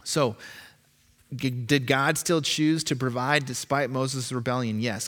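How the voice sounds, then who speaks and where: A man preaching a sermon in an animated, emphatic way, acting out voices as he goes. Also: medium pitch, measured pace. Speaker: pastor. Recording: long reverb, echoey hall.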